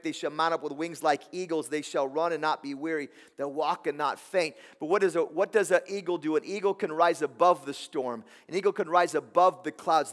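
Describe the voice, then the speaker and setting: A man's voice: a little high, a bit bright. A man preaching a sermon as pastor, impassioned, repeating words and asking the congregation questions. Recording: long hall reverb.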